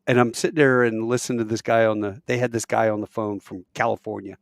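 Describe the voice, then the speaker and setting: Brief: gravelly-voiced man in his fifties, podcast host, lively storyteller, dry close recording. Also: on the low side, fast talker, no room sound. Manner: animated, acts out voices in his anecdotes. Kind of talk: conversational storytelling.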